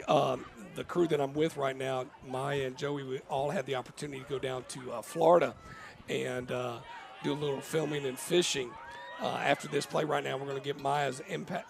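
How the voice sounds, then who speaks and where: A man's voice: mid-range voice, vocal fry, background noise. A man doing live play-by-play commentary, jokey and rambling, laughing often. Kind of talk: live game commentary with banter.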